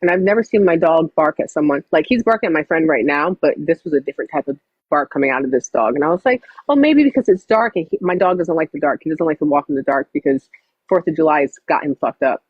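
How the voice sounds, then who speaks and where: A woman's voice: low-pitched, fast talker, husky, dry recording, highs cut off. A woman chatting casually on a livestream, blunt and full of swearing.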